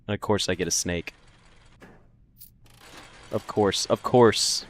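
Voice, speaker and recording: A man with a lowish voice takes it slowly while streaming a puzzle game, bantering with his audience. He's chatty and playful, laughing often throughout the casual commentary.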